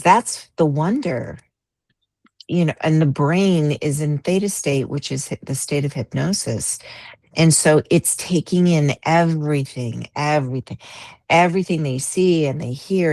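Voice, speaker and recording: A woman's voice: low-pitched, a little mellow, dry recording. A woman in a casual spiritual group discussion, reflective and meandering, laughing easily, on a video call.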